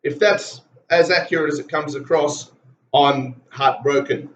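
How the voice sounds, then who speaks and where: A man's voice: a little high, unhurried, a bit bright. A man with an Australian accent delivering heated, blunt and profane political commentary. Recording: roomy, dull lo-fi sound.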